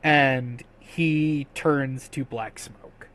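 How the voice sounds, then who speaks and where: Slow, soft-spoken male game master. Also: mid-range voice, steady tone, poor audio. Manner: slow, soft narration with quick asides. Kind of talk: narrating a tabletop game.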